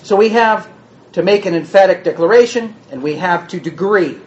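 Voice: medium pitch, moderate pace, muffled recording. A Bible teacher giving a word-study lesson, reading verses aloud and then restating them in plain words.

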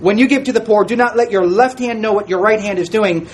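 A man's voice: high voice, fast talker. A man teaching an interactive Bible class, reading scripture aloud and asking the group questions in a conversational way.

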